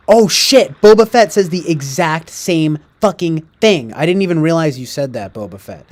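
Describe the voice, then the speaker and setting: Guy ranting into the cam, lots of um and like, cussing, higher-ish voice. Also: expressive, brisk, hardly any pauses. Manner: rambling, profane, heavy fillers. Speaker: streamer. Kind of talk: casual rant.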